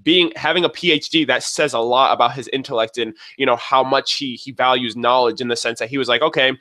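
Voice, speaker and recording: Man, casual episode review, rambling, excitable, bright tone, mid pitch. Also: brisk. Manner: rambling, excitable, many fillers and restarts. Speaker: video reviewer.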